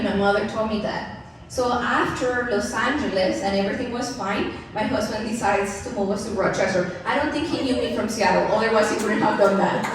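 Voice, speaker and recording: A woman's voice: a little high, a little hiss or hum. A woman in her thirties giving a candid, personal storytelling speech to an event audience, often laughing and turning to the crowd with asides. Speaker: keynote speaker. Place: large event venue. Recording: echoey hall mic from far off.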